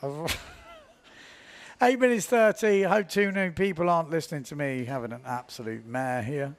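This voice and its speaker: A man's voice: fairly high pitch, normal speed. A man commentating live windsurfing, chatty and self-mocking, laughing often as he talks.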